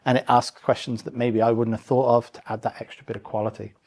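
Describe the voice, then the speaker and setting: A man's voice: mid-range voice, level tone, fast, darkish tone. A man presenting a live tech demo to a room of about forty people, casual and chatty. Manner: casual, chatty, with many fillers and restarts.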